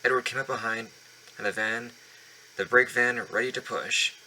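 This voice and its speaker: A man's voice: medium pitch, steady tone, normal speed, bright, forceful tone, slight background noise, rough recording. A man reading a children's storybook aloud at home, often stumbling and restarting lines. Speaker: reader of a children's book. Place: home basement.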